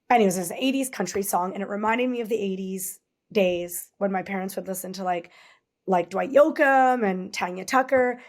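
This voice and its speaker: A woman in her forties from Canada, a podcast guest speaking candidly and rambling, with lots of "like.". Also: mid-range voice. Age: 40s. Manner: candid, rambling, leans on filler "like". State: tearful at times.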